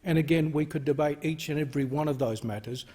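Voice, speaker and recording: Husky Australian man giving a formal speech. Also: fairly high pitch, dark tone. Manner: measured, deliberate, stresses key words. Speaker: member of parliament. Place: parliament chamber.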